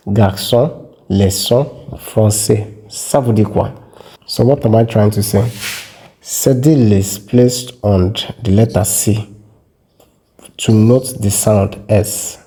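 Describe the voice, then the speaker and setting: A man explains French spelling in a slow, deliberate lesson. His voice sits low and sounds very dark and mellow. He says each example word several times so the learner can copy it. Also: slightly rough. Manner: repeats words slowly for pronunciation practice. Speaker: French teacher.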